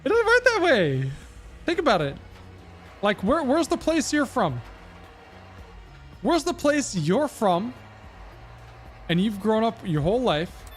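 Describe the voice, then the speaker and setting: A man livestreaming a game, rambling and musing as he talks to his chat in casual commentary. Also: very high-pitched. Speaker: gaming livestreamer.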